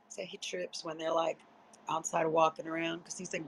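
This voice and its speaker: Tired, chatty woman with a gravelly edge, loose profane late-night stream talk. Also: sits low, flat delivery, moderate pace, poor audio. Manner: chatty, rambling, salty and profane. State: sleepy, yawning. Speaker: livestreamer. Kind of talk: casual late-night livestream chat.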